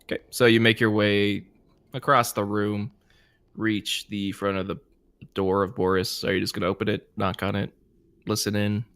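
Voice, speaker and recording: Low, gravelly-voiced man running a tabletop game. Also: level tone, moderate pace, fairly bright tone, dry recording. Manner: casual, hesitant, filler-heavy. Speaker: game master.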